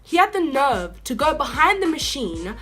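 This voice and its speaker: A woman's voice: high voice, very animated, moderate pace, a bit bright. A young woman telling a storytime vlog in a chatty, indignant way, full of filler words. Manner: indignant, rising to outbursts. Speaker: vlogger.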